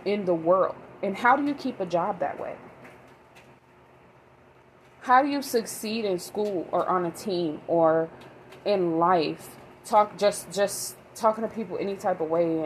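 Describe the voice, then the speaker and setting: Rambling woman with a low voice. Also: a little hiss or hum, poor audio. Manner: rambling, many fillers and restarts. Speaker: vlogger. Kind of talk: casual rambling talk to camera.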